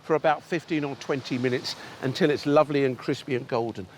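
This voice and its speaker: Speaking fast at a medium pitch, an Englishman hosts an outdoor cooking show from a beach. He chats with enthusiasm and addresses viewers directly while he demonstrates.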